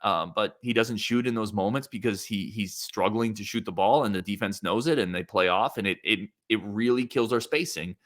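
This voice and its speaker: A man's voice: on the low side, moderate pace, few pauses. A man hosting a sports podcast on his own, talking casually and with strong opinions and reading out listener comments, often restarting his sentences. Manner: conversational, opinionated, many restarts and fillers. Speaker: podcast host.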